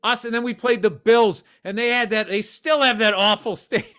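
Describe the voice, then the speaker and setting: A man co-hosting a podcast, telling animated, profane stories in casual chat. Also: sits high, normal speed, clear, resonant tone. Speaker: podcast co-host.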